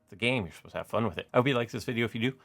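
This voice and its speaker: A man's voice: mid-range voice, rapid-fire, gravelly, a bit bright. A man giving casual, rambling gameplay commentary as a gaming YouTuber, full of "like" and "uh" fillers.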